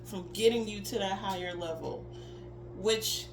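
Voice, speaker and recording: A woman's voice: medium pitch, measured pace, music in the background. Blunt, profane woman in an echoey room. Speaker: tarot reader. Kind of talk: casual spiritual pep talk. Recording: roomy echo with faint ambience.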